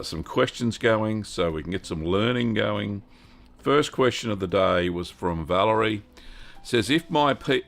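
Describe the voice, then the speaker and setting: A man's voice: lowish voice, gravelly. A man in his fifties with an Australian accent, chatting casually with viewers as host of a livestream. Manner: relaxed, rambling, greets chat viewers by name. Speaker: host of a cheese-making livestream.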